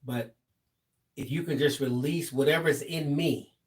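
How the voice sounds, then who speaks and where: A man's voice: on the high side, fairly even intonation, measured pace. Easygoing man reading out stream chat. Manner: easygoing, reads viewer comments aloud, turns reflective. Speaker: live-stream co-host reading viewer chat. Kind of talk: casual live-stream chat.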